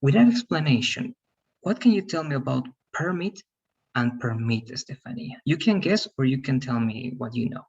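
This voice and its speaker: A man's voice: medium pitch, very animated, fairly quick, darkish tone, breathy edge, highs cut off. A man teaching English pronunciation over a video call, patient and repetitive, calling on students by name. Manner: patient, repeats okay and right, calls on students by name. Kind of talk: online class teaching.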